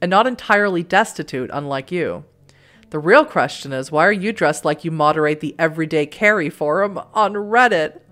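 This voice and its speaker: A woman voicing a young male werewolf scholar in a narrative video game, speaking a bit lower with dry, dismissive put-downs. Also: animated, normal speed, a bit bright. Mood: cutting.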